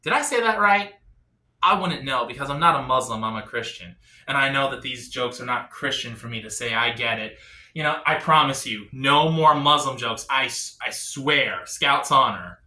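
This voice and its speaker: Bright, lively stand-up comic in echoey room. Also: male voice, mid-range voice, normal speed. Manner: confessional, deadpan setups with sudden swings. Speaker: stand-up comedian. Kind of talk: stand-up comedy set.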